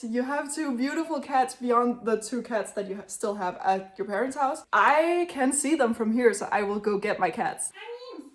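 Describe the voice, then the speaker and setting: A vlogger in her twenties with a voice on the high side talks casually to the camera. Chatty and blunt, she swears freely while addressing her younger self.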